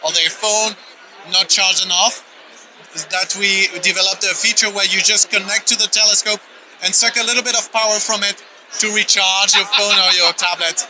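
A man answers a host's questions about his company's product on a trade show floor, explaining patiently with a few hesitations. His voice is high for a man and very bright, with faint ambient noise around him. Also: fairly even intonation, normal speed, rough recording. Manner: helpful, explaining with some hesitation. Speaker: company representative.

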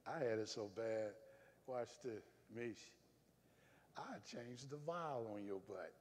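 Southern male pastor, folksy preacher, lively pitch, recorded in a reverberant church hall. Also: slow pace. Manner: folksy storytelling, swings from loud and firm to low and confiding. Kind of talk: sermon. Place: church sanctuary.

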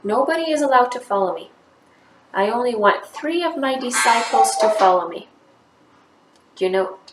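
A woman teaching a third-grade class, telling a Bible story to children and acting out the quoted lines. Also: mid-range voice. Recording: echoey room, faint background noise.

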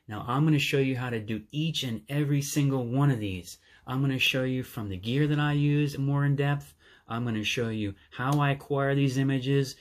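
A man hosting his own channel, explaining his gear in a casual, eager way with some fillers and restarts. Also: mid-range voice. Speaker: channel host.

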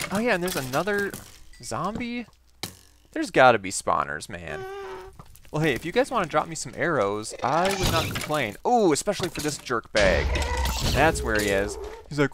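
A man hosting a game playthrough, chatting as he plays and breaking into excited exclamations. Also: fairly high pitch, normal speed, background noise. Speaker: gaming channel host. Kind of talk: Minecraft let's play commentary.

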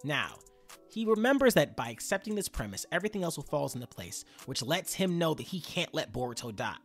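A man's voice: a little high, very animated, fairly quick, soft background music. A man giving a casual, slangy recap of a manga chapter, talking straight to his viewers. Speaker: anime and manga commentator.

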